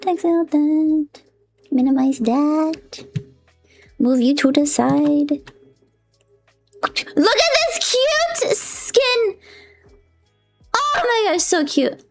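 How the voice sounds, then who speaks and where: A woman streamer chatting casually to her viewers, giggly and flustered, squealing often and talking to herself as she fixes her setup. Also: high-pitched. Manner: talks to herself while fixing her setup. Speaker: VTuber streamer. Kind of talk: casual live-stream chat.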